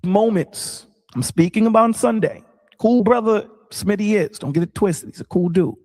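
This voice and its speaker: A man who is a pastor, explaining his side in a casual debate with a measured, dryly sarcastic manner. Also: sits high, darkish tone, long reverb tail. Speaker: pastor guest.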